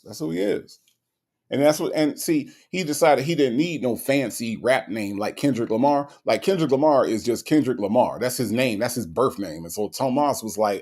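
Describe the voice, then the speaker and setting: Brief: male streamer, casual comedic commentary, gravelly, repeats himself for emphasis. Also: medium pitch, moderate pace. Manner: animated, repetitive, laughing asides. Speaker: livestream host reading chat.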